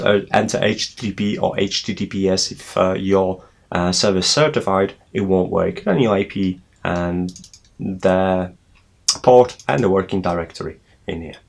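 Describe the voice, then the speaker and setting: A man's voice: deep voice, creaky, breathy edge. A man hosting a tech tutorial, explaining a setup step by step with frequent hesitations. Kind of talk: screen walkthrough tutorial.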